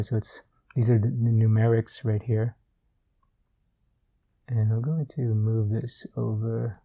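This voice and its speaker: A man giving a relaxed art tutorial while he works, thinking aloud with fillers and repeated words. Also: fairly low pitch. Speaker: art instructor.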